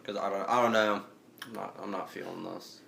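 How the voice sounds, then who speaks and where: A man's voice: deep voice, steady tone, a little fast, creaky, pushed and bright. A man playing a tabletop game in casual chat, joking, swearing and laughing often. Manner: laughs a lot, swears, jokey. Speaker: player.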